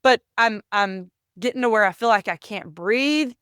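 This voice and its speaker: A woman's voice: fairly high pitch, normal speed, a bit bright, clear, resonant tone, dry recording, studio quality. A woman hosting a podcast, telling a personal story in an earnest way, often repeating words and calling listeners "y'all". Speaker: podcast host.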